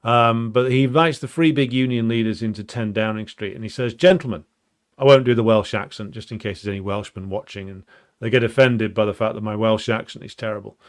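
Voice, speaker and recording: A man's voice: lowish voice, steady tone, a little fast. A man giving an unscripted, explanatory talk on political history, thinking aloud with frequent ums and restarts and a blunt, emphatic edge. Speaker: political commentator.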